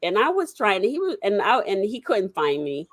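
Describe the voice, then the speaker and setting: A woman in casual conversation, a parent telling animated stories and acting out the voices of the people in them. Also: medium pitch, normal speed, no room sound. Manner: animated storyteller, acts out quotes.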